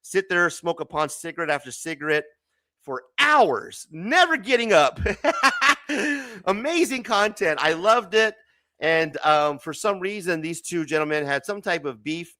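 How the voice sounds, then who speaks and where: A man's voice: high-pitched, animated, a little slow, sharp tone, no room sound. A man from Arizona hosting a casual late-night comics show, joking and laughing often. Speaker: host.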